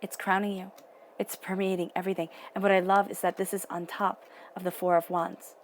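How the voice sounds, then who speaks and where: A woman's voice: medium pitch, level tone, fairly quick, a little hiss or hum. A young adult woman giving an emotional, earnest tarot reading, sometimes dropping to a near-whisper. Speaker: tarot reader.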